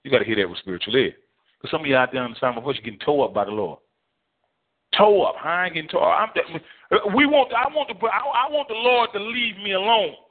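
A man's voice: high-pitched, fast talker. Preaching man over a tinny phone line. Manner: animated preaching, voicing God and Moses in quotes. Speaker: pastor. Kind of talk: sermon.

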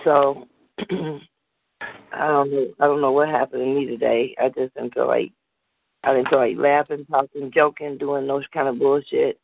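A woman's voice: extremely low pitch, steady tone, unhurried, creaky, slight background noise. A woman hosting a call-in poetry show and reading her poem bluntly and fiercely. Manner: blunt, fierce rhythmic recitation. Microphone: phone call. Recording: tinny phone line, dry.

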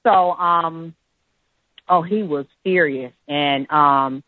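Middle-aged lady on a phone call, lowish voice, chatty and halting, lots of ums, tinny dry line. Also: no room sound. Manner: chatty, halting storytelling with many fillers. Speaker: caller. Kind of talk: call-in story.

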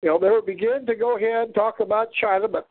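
Male host, rambling monologue, fairly high voice, phone-quality audio. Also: steady tone, rapid-fire, no echo. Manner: rambling, with many fillers and restarts. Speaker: show host. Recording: dry, phone-like line.

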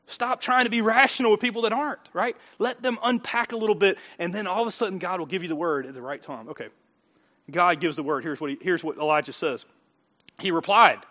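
A man preaching a sermon, his voice pitched high and ringing bright. He talks in a folksy, emphatic way, dropping to quiet asides and then swelling into loud, driving bursts. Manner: folksy, emphatic preaching with rising outbursts and chuckles. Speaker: pastor.

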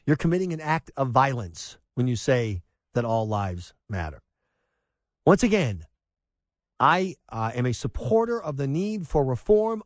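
A middle-aged man holds forth on talk radio, his pitch riding up and down with every emphatic point. His voice sits a little high for a man, and the studio sound is close and dry, with no room in it. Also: no echo. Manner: animated, emphatic, sarcastic asides. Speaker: radio talk show host. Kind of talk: opinionated talk radio monologue.

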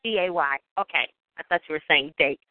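An interviewer at a middle pitch asks questions and urges the guest on. The line sounds dry and thin, like a phone call. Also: brisk, dry recording. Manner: encouraging, prompts for more stories.

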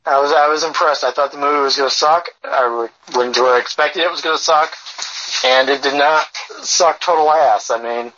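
A man's voice: on the high side, normal speed, sharp tone. A man co-hosting a live podcast, chatting casually in a crude, joking, opinionated way. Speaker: podcast co-host. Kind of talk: casual chat. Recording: dull lo-fi sound.

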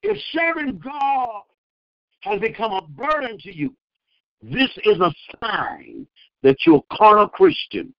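A man preaching a fervent sermon, acting out the people in the verses and breaking into loud bursts. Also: high voice, very animated, takes it slowly, no echo, muffled recording. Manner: acts out the speakers in the verses.

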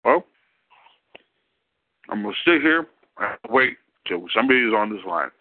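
A man's voice: lowish voice, animated, normal speed, no room sound. Man rambling on a tinny phone line. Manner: rambling, filling time while waiting for callers. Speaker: host of an internet radio show. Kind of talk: casual live radio chat.

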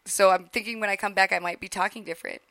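A woman's voice: medium pitch, fairly even intonation, fast, pushed and bright, no room sound. A woman from Michigan co-hosting a casual podcast chat, chatty and laughing, often trailing off mid-thought. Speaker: podcast co-host.

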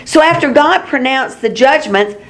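A woman's voice: high-pitched, expressive, normal speed. A woman teaching a Bible study class in a chatty, explanatory way, chuckling now and then. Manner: conversational, chuckles, explains with rhetorical asides.

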